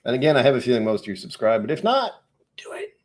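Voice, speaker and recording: A man's voice: medium pitch, very animated, very fast, slight background noise. A man with a New England accent hosting a whiskey live stream, chatting, easily distracted and joking at his own expense. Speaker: whiskey channel host.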